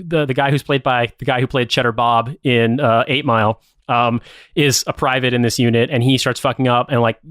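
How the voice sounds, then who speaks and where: Smooth-voiced man rambling through a recap. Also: medium pitch, fairly bright tone, dry recording, clean studio sound. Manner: rambling, profane, many fillers. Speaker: podcast co-host. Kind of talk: casual plot recap.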